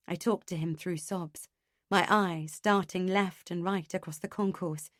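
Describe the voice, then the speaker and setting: A woman reading a first-person thriller audiobook in a tense, measured way. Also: lowish voice, fairly even intonation, no room sound, studio quality. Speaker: audiobook narrator.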